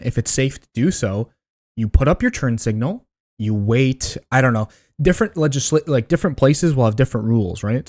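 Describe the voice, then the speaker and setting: Young male vlogger, casual rant to camera, lively swinging delivery, exasperated and slangy. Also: mid-range voice. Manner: animated, exasperated, slangy, addresses viewers as buddy and dude. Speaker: driving vlogger ranking habits.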